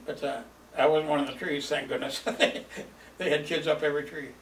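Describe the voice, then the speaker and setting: Chuckling and wandering off track, this older storyteller shares youthful memories for an oral history, full of fillers. He speaks briskly in a fairly high, slightly bright voice with a steady tone. Captured on a distant mic in a roomy space, the clip has faint ambience and a little background noise.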